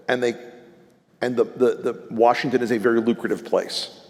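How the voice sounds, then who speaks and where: With a steady tone, medium pitch, moderate pace and a slightly mellow sound, the political strategist tells the audience blunt, salty stories from the event stage. He acts out the people he quotes, and reverb from the live hall colors the audio.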